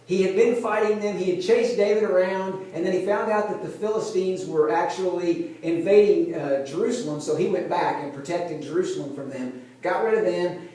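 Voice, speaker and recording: A male pastor preaching a conversational sermon, retelling a Bible story like a lively storyteller who keeps checking in with his listeners. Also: sits high. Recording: very echoey room, voice from a distance.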